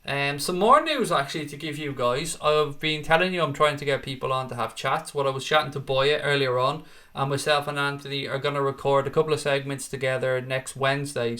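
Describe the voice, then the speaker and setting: An Irish man with a mid-range, fairly bright voice hosts a fan channel. He gives casual live-chat commentary, rambling through viewer comments with self-deprecating asides.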